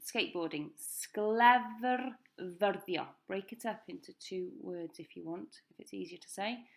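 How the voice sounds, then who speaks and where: A woman teaching a recorded language lesson, saying each word slowly and clearly for pupils to repeat. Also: fairly low pitch, fairly bright tone. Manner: slow, careful pronunciation drills. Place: school.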